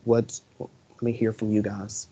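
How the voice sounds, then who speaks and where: This young man co-hosts a casual podcast, speaking earnestly and emotionally and repeating his points again and again. His voice is lowish, husky, and dark-toned, with a level tone and a measured pace, captured on a dull lo-fi recording.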